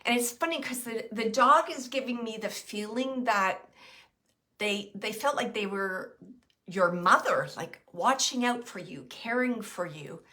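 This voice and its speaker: A woman's voice: fairly high pitch, expressive, unhurried, sharp tone. A woman doing a live psychic reading for viewers, hesitant and thinking aloud with many fillers as she describes her impressions. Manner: describes impressions as they come. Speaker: psychic medium.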